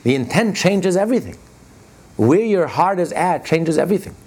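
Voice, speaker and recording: A man teaching a religious lesson and telling stories, stressing key words with sudden jumps in pitch. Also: sing-song, moderate pace, a little mellow, slightly rough. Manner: retells stories by acting out their dialogue. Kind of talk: Torah class storytelling.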